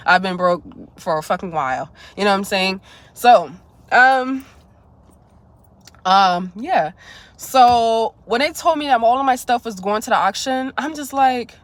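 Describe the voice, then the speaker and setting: A woman's voice: a little high, lively intonation, measured pace, dry recording. A young woman vlogging a casual storytime, talking candidly and emotionally straight to her viewers and swearing freely.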